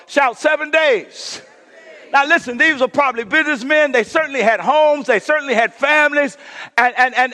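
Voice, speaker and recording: A man preaching a sermon as pastor, calling the congregation to respond and dropping to a hush for emphasis. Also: very high-pitched. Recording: long reverb in a church hall.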